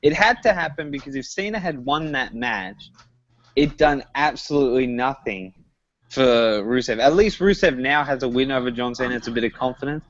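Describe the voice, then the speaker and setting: A man's voice: mid-range voice, moderate pace, fairly bright tone, no echo. A man co-hosting a casual podcast, giving his opinions earnestly. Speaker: podcast co-host. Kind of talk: casual chat. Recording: dry, muffled lo-fi audio.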